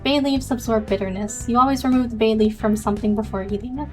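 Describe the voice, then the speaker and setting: A woman voicing a gruff, sardonic female café owner, reading her lines dryly. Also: a little high, steady tone, quick pace, darkish tone, faint music behind, natural voice.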